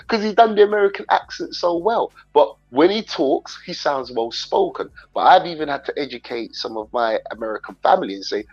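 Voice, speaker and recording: Brief: London-accented man with patois edge, livestream host, rambling chat, slightly high voice, dull audio, faint music under. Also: sing-song, fairly quick, breathy edge. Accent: London English mixed with Jamaican patois. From England. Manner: rambling, talks straight to viewers.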